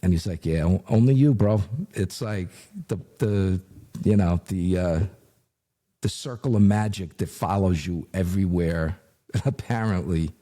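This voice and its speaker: A middle-aged man, a retired investigator, telling a story in casual talk, animated and full of fillers, acting out what others said. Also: low-pitched, a little slow. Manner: animated, acts out quotes, frequent fillers.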